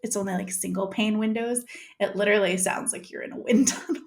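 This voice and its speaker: A woman's voice: mid-range voice, fast. A woman co-hosting a podcast, chatting casually and laughing often. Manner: laughs often, lively reactions. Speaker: podcast co-host. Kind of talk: casual chat.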